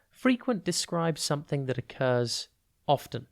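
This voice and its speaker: A tutor walks through a vocabulary lesson for a podcast. The delivery is clear and unhurried, spelling words out letter by letter and stretching the stressed syllables of key words. The voice sits at an ordinary middle pitch. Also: lively intonation.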